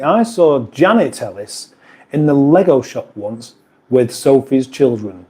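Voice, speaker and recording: A man's voice: mid-range voice, lively intonation, unhurried, a little mellow. A British man hosting a casual live stream from a kitchen, chatting in a rambling way and reading out viewer comments. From United Kingdom.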